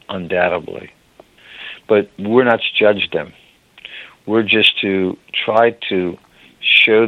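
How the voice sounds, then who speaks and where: A man's voice: low voice, dry recording. Man, sermon, earnest, emotional, choked up, dry close sound, narrow lo-fi band. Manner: earnest, repeats "beloved" to listeners. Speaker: preacher.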